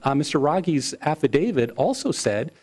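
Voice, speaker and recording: A man's voice: a little high, big pitch swings, moderate pace, a little mellow, a little hiss or hum. A man arguing as an attorney before appellate judges, earnest and insistent, often repeating words as he presses his point. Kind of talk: courtroom oral argument.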